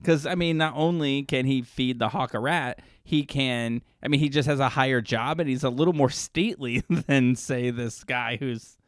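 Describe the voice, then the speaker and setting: A man's voice: medium pitch, normal speed, hardly any pauses, no echo, clean studio sound. A man co-hosting a casual chat podcast, teasing and asking questions about the plot. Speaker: podcast co-host.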